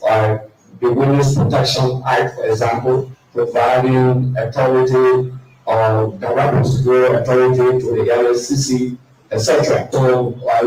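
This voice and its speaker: A man's voice: mid-range voice, a little mellow. A man speaks at a press briefing, emphatic, repeating his key points with many uh fillers. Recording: echoey room from a distance.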